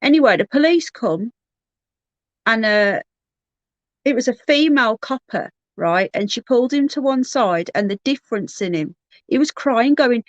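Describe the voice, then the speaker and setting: A woman's voice: fairly high pitch, animated, normal speed, dry recording. Middle-aged brummie woman chatting on her livestream, open and rambly, restarts a lot, dry close sound. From Birmingham, England. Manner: candid, chatty, restarts often. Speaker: livestream host. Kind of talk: casual livestream chat, reading comments.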